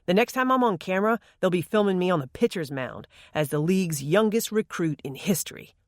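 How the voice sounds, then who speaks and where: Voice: mid-range voice, expressive, a little fast, no room sound, clean studio sound, lightly acted. A narrator voicing a cocky, joking teenage boy in an audiobook.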